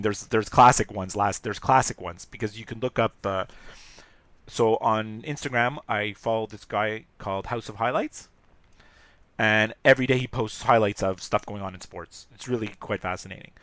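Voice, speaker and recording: A man co-hosting a casual sports podcast, talking in an animated, rambling way and laughing often. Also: on the low side, no echo. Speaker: podcast co-host.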